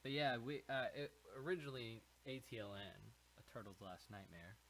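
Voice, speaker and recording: A young male musician, a guest on a podcast, talks in a laid-back, easygoing way. His voice sits at a middle pitch. A faint background hiss runs under the recording. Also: expressive, moderate pace, fairly bright tone, poor audio. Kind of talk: casual chat.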